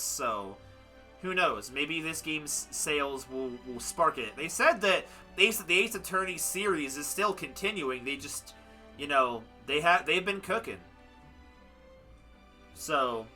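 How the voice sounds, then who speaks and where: With a fairly high pitch and a sharp tone, a young man closes out his game stream by rambling casually about the game he's just beaten. He comes across tired and self-deprecating.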